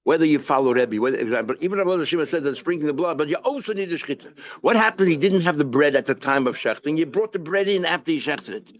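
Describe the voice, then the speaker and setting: A rabbi's slightly high male voice moves fast with lively intonation as he teaches a daily Talmud page informally, questioning and answering himself in English laced with Hebrew and Yiddish terms. The audio is dull.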